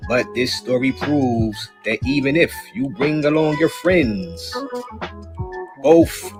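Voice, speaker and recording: A man narrating a short warning story in a slow, deliberate way. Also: mid-range voice. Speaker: clip narrator. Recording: narration over loud music.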